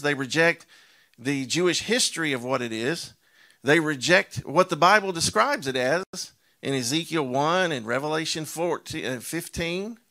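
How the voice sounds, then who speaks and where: Man, preacher, sermon, bright tense voice, emphatic, drawn-out stresses, rhetorical questions. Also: on the high side, gravelly. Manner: emphatic, drawing out key words slowly; rhetorical questions, animated storytelling.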